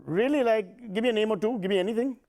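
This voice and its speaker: A man's voice: sits high, fast, creaky, darkish tone, slight background noise. A man anchoring a satirical news show, with wry, jokey asides. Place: TV studio set.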